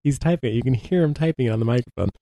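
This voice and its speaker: A man's voice: medium pitch, very fast, mellow, no room sound, muffled recording. A man co-hosting a casual gaming podcast, wry and long-winded, with lots of fillers as he explains things. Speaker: podcast co-host.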